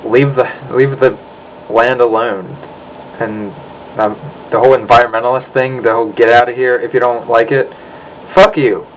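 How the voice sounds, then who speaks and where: A man's voice: mid-range voice, a little hiss or hum, low-quality recording. A young American man in a profane, angry rant to his webcam, sighing and swearing as he complains. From United States. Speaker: vlogger. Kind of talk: ranting monologue.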